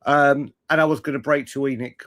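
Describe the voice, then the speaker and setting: A man's voice: mid-range voice, steady tone, a little fast, fairly bright tone. A young man hosting a casual live fan chat stream, rambling and laughing as he greets viewers in the chat. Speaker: livestream host.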